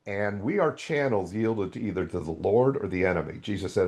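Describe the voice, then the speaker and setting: An older man with a low voice tells stories as a guest on a podcast. His pitch rises and falls in broad swings. He keeps acting out the dialogue with real animation. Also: fast talker, few pauses. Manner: animated storytelling with quoted dialogue. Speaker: guest, author. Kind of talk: podcast interview.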